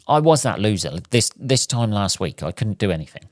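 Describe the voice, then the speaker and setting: A man hosts a solo podcast, his fairly low voice sing-song and brisk as he launches into a rambling, sweary comic rant. The recording is clean studio sound with no echo, just casual monologue.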